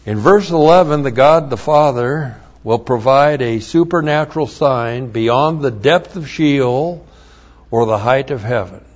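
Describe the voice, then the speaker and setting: A man teaching scripture verse by verse, deliberate and careful, spelling out Hebrew words letter by letter. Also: medium pitch. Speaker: Bible teacher. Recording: dull lo-fi recording.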